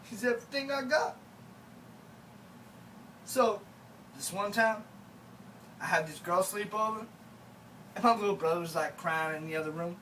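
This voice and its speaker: A man's voice: high-pitched, moderate pace, long pauses, bright, forceful tone, distant mic, a little hiss or hum, low-quality recording. A man performing a rambling, mock-sorrowful comic monologue. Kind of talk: comedic character monologue.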